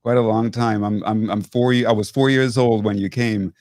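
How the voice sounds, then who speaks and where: Male host in his 50s, lowish voice, halting, repetitive delivery, dry close sound. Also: fairly even intonation, dry recording. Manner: warm, repetitive phrasing with many restarts. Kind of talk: television interview.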